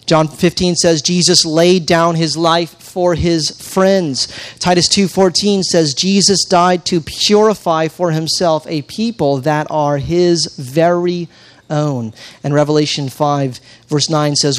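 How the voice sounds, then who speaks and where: A man's voice: sits high, unhurried. A man preaching a teaching sermon, talking conversationally with frequent restarts and reading scripture with dramatic emphasis. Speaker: pastor.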